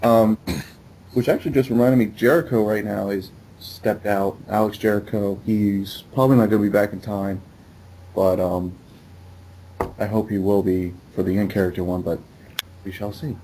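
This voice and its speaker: A man's voice: fairly low pitch, fairly even intonation, moderate pace, warm tone, a little hiss or hum, rough recording. A man hosting a podcast in a loose, rambling casual chat with many fillers. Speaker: podcast host.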